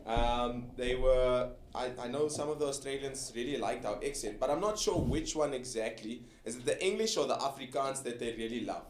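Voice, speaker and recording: A man's voice: medium pitch, moderate pace, few pauses, roomy sound, a little hiss or hum. A man co-hosting a casual chat, friendly and informal. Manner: friendly, calls people bro. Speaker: co-host.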